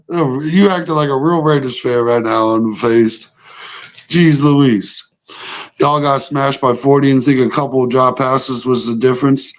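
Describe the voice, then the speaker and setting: A man's voice: mid-range voice, fairly even intonation, a little slow. A young man hosting a live sports reaction stream, arguing heatedly and profanely with chat comments. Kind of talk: casual livestream reaction, reading chat.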